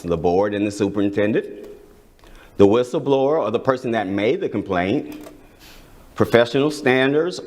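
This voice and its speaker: A man from the district staff reading a prepared briefing at a school board meeting, measured, with small restarts. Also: medium pitch.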